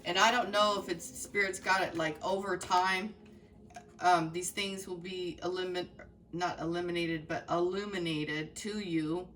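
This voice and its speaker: Far from the microphone, a woman tarot reader speaks in an unhurried, steady, fairly low and fairly bright voice. Her reading is emotional and heartfelt, addressed straight to viewers and full of fillers and restarts.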